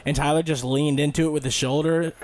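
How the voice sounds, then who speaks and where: A man's voice: fairly high pitch, fairly quick, slight background noise. A man in his late twenties, a podcast co-host telling a fight story in casual, profane talk, acting out the people he quotes. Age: late 20s. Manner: animated, profane, acts out quotes.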